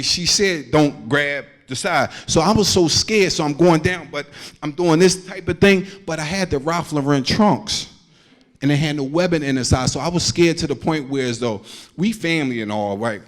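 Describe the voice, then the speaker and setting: A man's voice: fairly high pitch, moderate pace. A man doing a stand-up comedy set, telling loose slangy stories and acting out the people in them. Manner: loose slangy storytelling, acts out quotes.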